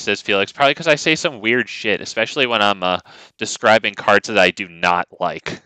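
A man streaming a card game who talks in loose, rambling commentary and swears freely as he goes. His voice is bright and clean, and his pitch rises and falls a lot. The close mic gives a dry, intimate sound. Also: a little fast, clear, resonant tone, no room sound. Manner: rambling and profane, frequent restarts. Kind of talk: casual gameplay commentary.

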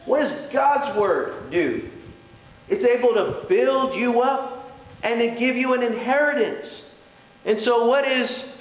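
Casting: earnest preacher, high voice, rhetorical questions, echoey church. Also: male voice. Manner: earnest, rising to emphatic peaks, rhetorical questions. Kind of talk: sermon. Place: church hall.

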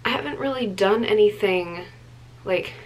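A woman's voice: mid-range voice, normal speed, poor audio. A young woman chatting casually to camera in a vlog, tired, rambling with lots of ums and likes. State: tired late at night. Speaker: vlogger.

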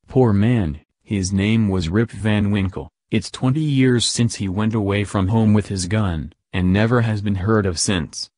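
A man voicing a sorrowful young mother in a storybook, recalling her lost father slowly. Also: lowish voice, darkish tone, no room sound, clean studio sound.

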